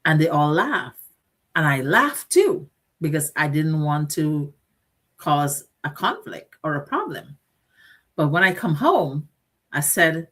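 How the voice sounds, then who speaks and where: A woman's voice: low voice, big pitch swings, takes it slowly, fairly bright tone. Earnest woman giving motivational talk. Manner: earnest, direct, addresses listeners, lists and repeats phrases. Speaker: host. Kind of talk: motivational talk show monologue.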